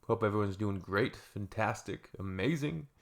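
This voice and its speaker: A man talks in a low, gravelly voice as he reacts to clips. His delivery is loose and chatty. He trails off into fillers and laughs often. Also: lively intonation, normal speed. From Canada. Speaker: reaction video host. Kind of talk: casual reaction commentary.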